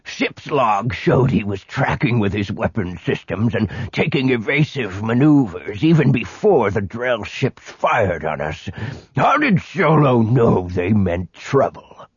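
A man voicing a scheming giant slug crime lord, speaking in a slow, low grumble. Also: big pitch swings, husky, dry recording, full character voice. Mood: menacing. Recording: dull lo-fi audiobook recording.

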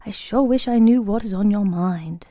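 A woman reading a story aloud, voicing a kindly older working man who talks softly to his dog. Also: mid-range voice, moderate pace, no room sound, studio quality, lightly acted. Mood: gentle. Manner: soft, kindly, quiet.

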